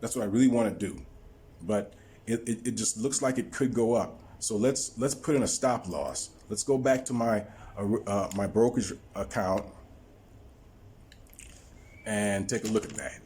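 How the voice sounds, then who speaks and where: A man talking viewers through his stock trade on screen, halting often with repeated words and fillers. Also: on the low side, dark tone, slight background noise. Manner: explaining to viewers. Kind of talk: screen-recorded trading walkthrough.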